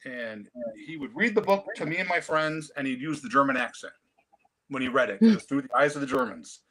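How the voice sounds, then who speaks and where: A man, telling stories in a casual, animated way on a video call. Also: mid-range voice, fairly quick. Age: 50s. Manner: storytelling, animated. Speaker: comic collector guest. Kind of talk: casual chat.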